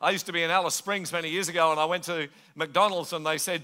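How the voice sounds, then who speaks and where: Man preaching, high voice, bright tone, chatty, joking sermon. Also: fairly even intonation, fast talker. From England. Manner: conversational, joking, mimics accents. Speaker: pastor.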